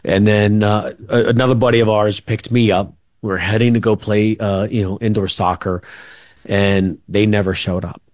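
A man's voice: fairly low pitch, level tone, moderate pace, a little mellow, dry recording, clean studio sound. A middle-aged man, a radio interview guest, telling family stories in a rambling way with many fillers and restarts. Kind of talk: casual storytelling.

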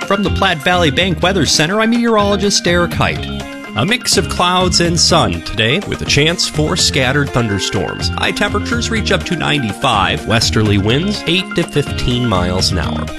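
A man, a meteorologist, giving a brisk and upbeat radio weather forecast. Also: on the high side, big pitch swings, music in the background.

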